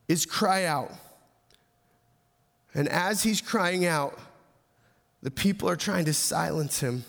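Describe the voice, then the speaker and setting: A man preaching a sermon, retelling a scripture passage with frequent restarts, building to urgent emphasis and falling to a hushed close. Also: fairly high pitch, slow pace, creaky, long pauses, in a large hall. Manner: repeats words and restarts, grows louder and more urgent, then drops soft. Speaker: pastor.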